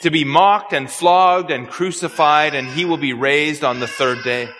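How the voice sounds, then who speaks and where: A man's voice: a little high, steady tone, a little slow, fairly bright tone, slight background noise. A man preaching an expository sermon, earnest and prone to repeating words as he searches for phrasing. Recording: long hall reverb.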